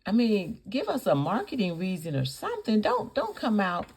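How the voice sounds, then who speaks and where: A woman's voice: medium pitch, huge pitch swings, moderate pace, few pauses, breathy edge. A woman hosting a reaction video, scolding indignantly, piling up rhetorical questions and repeating her points for emphasis. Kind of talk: reaction commentary.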